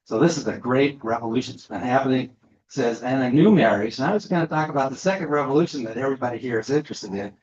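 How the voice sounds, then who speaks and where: A man's voice: medium pitch, fast, darkish tone, a little hiss or hum. Guy giving a talk, lots of uhs and restarts, roomy hall sound, kinda dull audio. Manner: hesitant, many fillers and restarts. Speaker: guest speaker. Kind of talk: lecture. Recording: echoey room, slightly dull sound.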